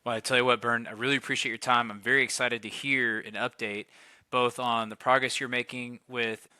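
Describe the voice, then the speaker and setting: A male interview host with a very bright, crisp voice and a flat, even delivery, recorded dry and close. He is polite and formal, thanking his guest in short, measured sentences. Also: medium pitch, no room sound. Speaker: podcast host. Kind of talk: interview hosting.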